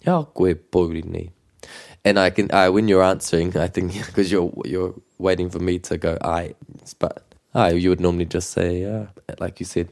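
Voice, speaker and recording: New Zealand man, deep voice, mellow tone, patient teacher, repeats phrases slowly. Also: little pitch movement. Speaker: te reo Māori teacher. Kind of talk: relaxed language lesson.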